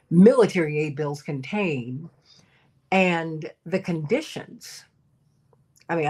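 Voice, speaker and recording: Lady radio host, lowish voice, leans hard on big numbers, says things twice slowly. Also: darkish tone, breathy edge. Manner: emphatic, repeats key phrases slowly. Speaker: radio talk show host. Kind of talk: opinionated radio talk.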